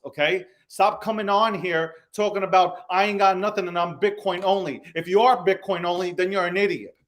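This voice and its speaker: The host of a crypto podcast, a man whose voice sits high with a fairly bright tone, goes on a furious, profanity-laced rant. He keeps repeating phrases to pound his points home.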